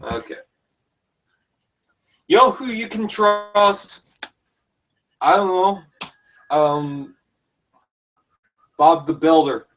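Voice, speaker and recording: A man's voice: high voice, expressive, very slow, pauses often, fairly bright tone, slight background noise, rough recording. A man giving casual, jokey commentary over a fan film, rambling and self-deprecating. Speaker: YouTube commentator.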